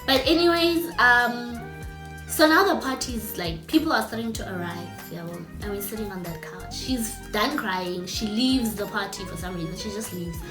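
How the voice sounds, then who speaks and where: A young woman telling a story to her viewers in a chatty, animated way. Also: medium pitch, moderate pace. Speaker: vlogger. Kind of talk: casual storytime. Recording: echoey room with faint music.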